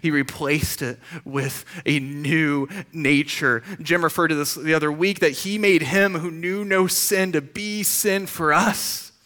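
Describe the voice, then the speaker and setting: A man delivers a sermon in an easy, conversational manner. His voice is bright and sits a touch high. He restarts phrases often and keeps asking the room questions. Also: fairly even intonation, unhurried, hardly any pauses. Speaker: pastor.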